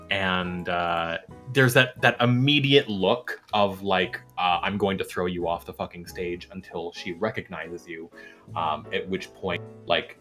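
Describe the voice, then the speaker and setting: Casual male game master, low voice, loose storytelling, soft music bed. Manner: relaxed, laughing narration with filler words. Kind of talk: narrating a tabletop game.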